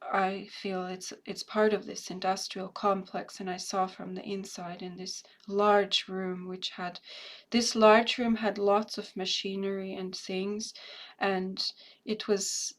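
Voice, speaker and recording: A woman doing a remote viewing session, describing her impressions slowly and haltingly with many pauses and fillers, and growing emotional. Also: medium pitch. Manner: emotional, laughing and tearful. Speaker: remote viewer.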